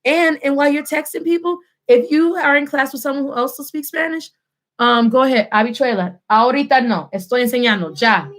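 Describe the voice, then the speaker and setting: A woman in her thirties teaching a lively online Spanish lesson from home, switching between English and Spanish. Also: high voice, a little fast. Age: 30s.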